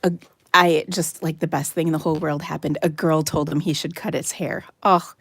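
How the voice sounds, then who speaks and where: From her home craft room, a middle-aged woman hosts a craft class live stream on a phone camera, chatting casually and rambling with fillers and laughs. Her voice is low, husky, and fairly bright, with fairly even intonation at a moderate pace, on a dry recording.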